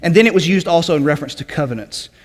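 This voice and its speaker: A man's voice: fairly high pitch, very fast. Man preaching in a reverberant hall. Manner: conversational teaching, frequent "okay?" check-ins; clears throat often. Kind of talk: sermon. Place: church sanctuary.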